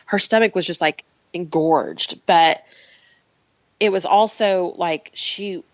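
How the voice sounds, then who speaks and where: A woman guest on a podcast, retelling a personal story in an animated, emotional way and laughing often. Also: on the low side, slow, dry recording, highs cut off.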